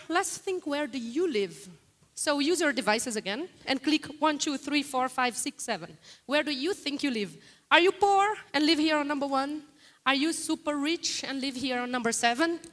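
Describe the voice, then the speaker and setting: Woman, Brazilian accent, high voice, guest lecturer, quizzes the audience, lecture hall. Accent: Brazilian Portuguese. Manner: animated, questions the audience often.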